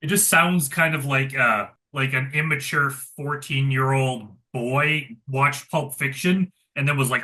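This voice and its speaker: A man's voice: medium pitch, measured pace, few pauses, pushed and bright. A man co-hosting a casual movie review chat, rambling with lots of filler words. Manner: rambling, heavy use of "like" fillers.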